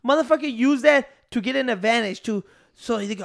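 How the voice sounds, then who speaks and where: A man's voice: very high-pitched, expressive, a little fast, creaky. A man ranting in casual podcast banter, profane and emphatic, retelling conversations.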